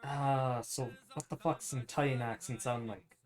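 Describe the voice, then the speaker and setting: A man's voice: mid-range voice, steady tone, moderate pace. A man streaming live while cooking, chatting in a casual, rambling way and swearing freely. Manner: rambling, profane, loose.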